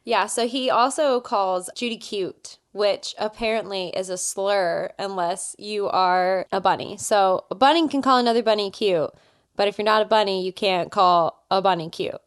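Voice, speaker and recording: A woman's voice: mid-range voice, moderate pace, clean tone. A young adult woman co-hosting a podcast, chatting casually through a movie recap, giggling and saying "like" a lot. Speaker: podcast co-host.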